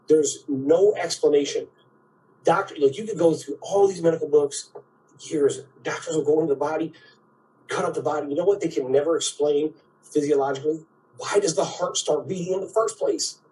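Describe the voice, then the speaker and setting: A man's voice: fairly high pitch, warm tone, far from the mic, poor audio. A man giving a spiritual talk, who keeps checking in with "right?" and acts out quoted voices.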